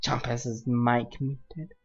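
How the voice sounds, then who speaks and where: A man's voice: medium pitch, level tone, takes it slowly, breathy edge, lo-fi sound, faint music behind. A man streaming a game and chatting casually with friends over voice chat, teasing and laughing often.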